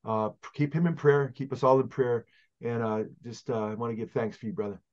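A man from California, a pastor and guest, teaching conversationally with fervent, halting speech. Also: medium pitch, steady tone, a little mellow, muffled recording. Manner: fervent, halting, with many fillers.

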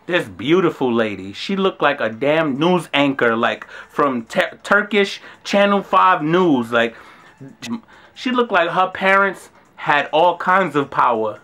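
A man in his twenties with a New York accent, telling a story in an animated, slangy and profane way. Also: a little high, measured pace. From Brooklyn, New York. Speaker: vlogger. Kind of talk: casual storytelling.

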